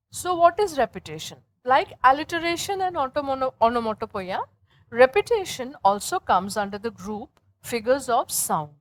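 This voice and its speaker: A woman's voice: high-pitched, no room sound, low-quality recording. A woman teaching English grammar as a lecture, explaining step by step and often checking in with her students. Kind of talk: classroom lecture.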